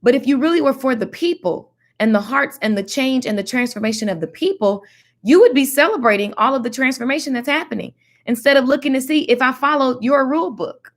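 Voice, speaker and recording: A woman giving casual Bible teaching in a slangy, animated, preachy way. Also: high voice, fairly quick. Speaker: faith teacher.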